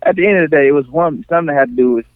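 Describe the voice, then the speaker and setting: A man's voice: on the high side, racing. A man in casual chat about his kids, rambling and restarting his sentences. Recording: dry tinny phone-like sound.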